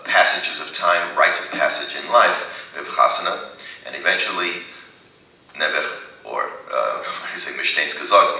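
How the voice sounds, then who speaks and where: An older man teaching an audience in a chatty lecture, asking them questions and filling pauses with "uh". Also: sits low, pushed and bright. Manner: chatty, asks the audience questions, many "uh"s and "right?". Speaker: Yiddish teacher giving a library talk. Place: library meeting room. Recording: echoey hall, voice from far off the mic.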